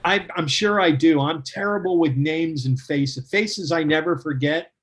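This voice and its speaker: Animated higher-voiced man telling stories. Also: unhurried. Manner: animated, laughing storyteller who acts out quotes. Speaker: guest storyteller. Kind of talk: casual anecdote telling.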